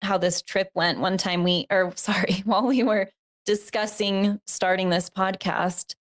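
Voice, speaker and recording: A woman's voice: mid-range voice, fairly even intonation, unhurried. A woman telling a story in a casual interview, earnest and reflective, with many fillers. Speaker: podcast co-host, guest.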